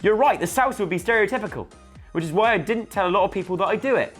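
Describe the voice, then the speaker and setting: A man's voice: sits high, quick pace, a bit bright, faint music behind, pitched above the performer's own voice. A man voicing a playful, mysterious young Spanish woman in a dating game. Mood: teasing.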